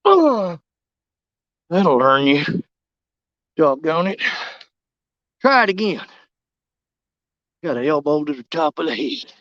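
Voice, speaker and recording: A man, chatting casually and excitably in a fishing vlog, folksy and joking. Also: on the high side, slow, pauses often, no echo, lo-fi sound. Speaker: fishing vlogger. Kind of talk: casual outdoor vlog chat.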